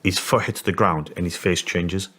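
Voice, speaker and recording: A Scottish man in his forties, telling a story in an interview in a halting way, with many restarts. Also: sits low, a bit bright. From Scotland. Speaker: interview guest.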